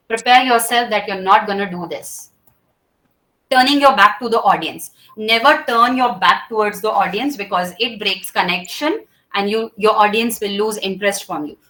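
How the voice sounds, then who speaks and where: In a classroom lesson on public speaking gestures, a woman with a medium-pitched, fairly bright voice walks students through each move step by step, acting it out and frequently asking "okay?" The recording quality is low.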